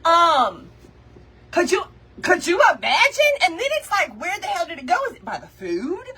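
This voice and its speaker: A woman hosting a craft livestream, telling a story to her viewers in an animated, chatty way and calling them y'all and girl. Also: extremely high pitch, normal speed, distant mic. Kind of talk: casual storytelling chat with viewers.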